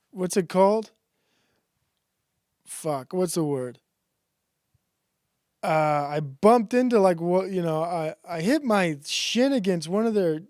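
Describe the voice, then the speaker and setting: A man in his thirties hosting a stream, giving a sarcastic, deadpan satirical monologue that rambles with restarts and swearing. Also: high-pitched, no room sound, studio quality. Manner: rambling, loose delivery with restarts. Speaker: stream host.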